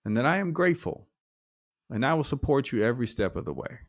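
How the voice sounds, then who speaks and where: A man in a podcast interview recounts a parable, jumping into the voices of his characters. His voice sits in a medium pitch. He speaks as a life coach encouraging his host. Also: fast talker. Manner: animated storyteller acting out dialogue. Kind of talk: storytelling in conversation.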